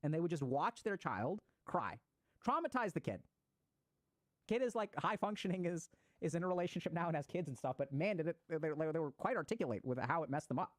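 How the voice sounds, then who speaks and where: In a dry recording, a man with a fairly high, lively voice talks briskly about attachment styles. He's a mental health speaker explaining psychology and acting out examples from daily life.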